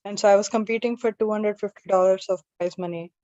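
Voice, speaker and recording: A woman's voice: medium pitch, steady tone, fast, mellow, no room sound, highs cut off. A woman hosting an open mic and doing stand-up, telling stories in a chatty, self-deprecating way. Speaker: open mic emcee and comedian.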